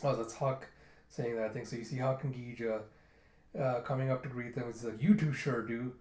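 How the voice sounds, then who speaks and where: A man's voice: medium pitch, flat delivery, moderate pace, a little mellow. A man casually reading through a manga, laughing and switching between character voices. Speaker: manga reviewer. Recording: roomy echo.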